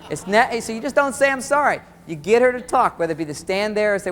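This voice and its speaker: A man giving a live relationship seminar, animated and talking straight to his audience, often acting out quoted dialogue. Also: high voice, brisk, hardly any pauses, in a large hall, a little hiss or hum.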